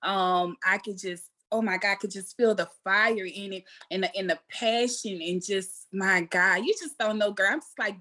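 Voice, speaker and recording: A woman's voice: medium pitch, normal speed, hardly any pauses, pushed and bright. A woman host with a New Orleans accent, interviewing with effusive, enthusiastic chatter. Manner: effusive, enthusiastic, calls guest girl and baby. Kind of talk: casual interview chat.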